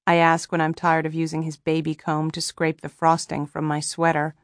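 A young woman narrating a first-person audiobook with a wry, even storytelling manner, close to the mic. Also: sits low, normal speed, hardly any pauses, dry recording.

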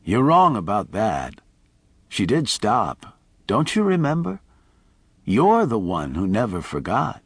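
A man voicing an elegant, silver-haired older man who speaks calmly and kindly. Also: on the low side, slow, breathy edge, dry recording, heavily acted. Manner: calm, gently explaining.

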